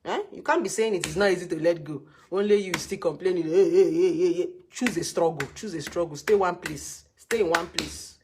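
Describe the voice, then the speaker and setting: A woman's voice: on the low side, fairly quick, hardly any pauses, background noise. A woman giving blunt relationship advice, repeating her points and scolding her listeners. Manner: repetitive, scolding, drills points by repeating words. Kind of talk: emphatic advice talk.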